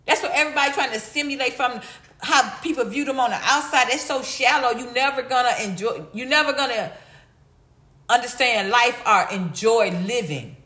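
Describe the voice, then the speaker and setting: A woman's voice: fairly high pitch, normal speed, pushed and bright. A middle-aged woman hosting a livestream, chatting casually and reading chat comments in a slangy, blunt, laughing way. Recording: echoey room.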